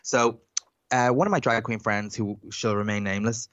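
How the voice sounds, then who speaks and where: Guy telling a story, acts out every voice, low voice, dry sound. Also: normal speed, no echo, muffled recording. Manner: animated, acts out quotes. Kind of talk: casual chat, storytelling.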